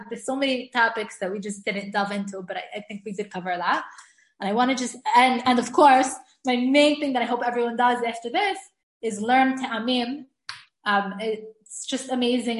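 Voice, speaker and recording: A woman's voice: fairly high pitch, roomy sound. A woman teaching an online class, chatty and enthusiastic, often laughing and restarting her sentences. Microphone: video call.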